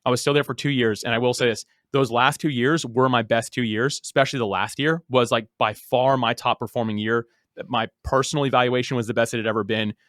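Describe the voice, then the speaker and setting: Fast-talking man telling his story. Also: mid-range voice, steady tone, a bit bright, no room sound, clean studio sound. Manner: rapid, full of "like" and repeated words. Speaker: podcast guest. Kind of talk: casual conversational storytelling.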